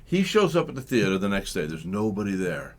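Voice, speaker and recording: A man's voice: fairly low pitch, a little fast. A man hosting a live comedy talk radio show, joking and acting out little scenes. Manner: animated, jokey, acts out voices, laughs often. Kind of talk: comic radio banter.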